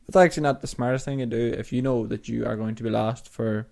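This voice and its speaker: Giggly man with a gravelly voice. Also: medium pitch, steady tone, brisk, a little mellow. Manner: giggly, teasing, swears freely. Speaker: podcast co-host. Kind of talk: casual banter.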